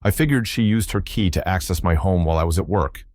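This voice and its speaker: A man narrating a first-person story in a steady, even storytelling delivery. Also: low-pitched, quick pace, no echo, studio quality.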